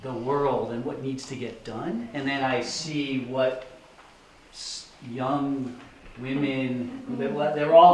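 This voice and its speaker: A man who works with kids speaking at a benefit, halting but sincere and enthusiastic. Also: medium pitch, fairly even intonation, crowd noise. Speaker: teacher bringing students. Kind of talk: informal event remarks. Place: large echoey event room. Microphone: distant room mic. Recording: echoey room, distant mic.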